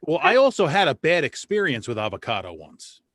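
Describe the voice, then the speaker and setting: Blunt, swearing man, slightly high voice. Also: huge pitch swings, brisk, a bit bright, no echo. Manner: profane, blunt, stammers on restarts. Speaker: podcast host. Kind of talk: casual chat.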